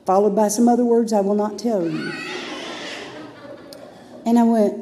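A woman's voice: a little high, normal speed, long pauses, dark tone. A woman pastor preaching a sermon in a church, chatty and playful as she tells stories. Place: church sanctuary. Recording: long hall reverb.

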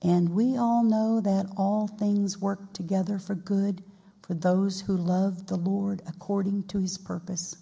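A woman's voice: medium pitch, fairly even intonation, unhurried, gravelly, mellow, husky. A woman pastor preaching a sermon in a folksy, conversational way with playful asides. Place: church sanctuary. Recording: long reverb in a church hall.

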